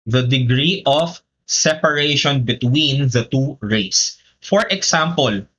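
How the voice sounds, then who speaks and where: Bright-voiced Filipino man teaching geometry. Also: medium pitch, slow. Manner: explains step by step, switching between English and Tagalog. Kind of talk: live online math lesson.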